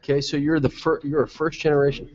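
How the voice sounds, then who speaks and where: A man's voice: fairly high pitch, little pitch movement, a little mellow. Chatty, nasal male live-stream host. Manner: chatty, joking, asks quick follow-ups. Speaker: interviewer and host. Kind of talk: casual live-stream interview. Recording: dull lo-fi mobile broadcast.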